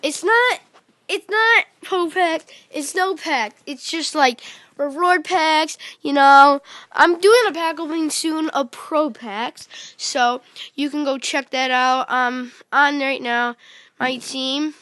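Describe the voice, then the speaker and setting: Female gaming host, high and bright, unhurried, excitable, calls out to viewers. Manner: excitable, keeps calling out to viewers. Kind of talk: casual game commentary.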